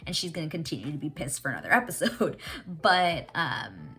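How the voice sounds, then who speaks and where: A woman recapping a TV episode in casual reaction chat, animated and excitable, swearing freely. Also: low-pitched, moderate pace, soft background music. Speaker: TV reaction vlogger.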